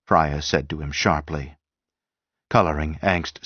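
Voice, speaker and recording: Male audiobook narrator, deep, measured delivery; dull, dry recording. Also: no room sound. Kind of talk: audiobook reading.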